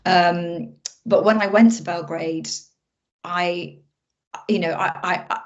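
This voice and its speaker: A woman film director, a podcast guest, tells the story behind her work in an animated, chatty way, often circling back and restarting her sentences. Her voice sits slightly low, and the recording sounds muffled and lo-fi. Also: takes it slowly. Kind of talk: casual interview chat. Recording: muffled lo-fi audio.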